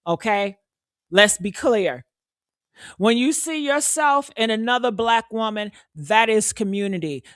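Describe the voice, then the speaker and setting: A woman's voice: medium pitch, dry recording, studio quality. A woman hosting reaction commentary, talking in a sassy, blunt, profane and preachy way. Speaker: commentary host.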